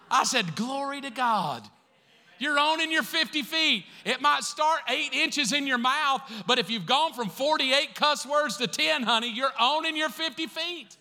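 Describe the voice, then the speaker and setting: A man's voice: extremely high pitch, lively intonation, a little slow, sharp tone. A man preaching a sermon as pastor, conversational and acting out the voices he quotes. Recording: long hall reverb.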